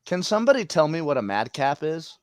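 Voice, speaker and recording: A man co-hosting a live wrestling watch-along, excitable and swearing freely. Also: a little high, brisk, clean tone, no echo. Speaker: podcast co-host.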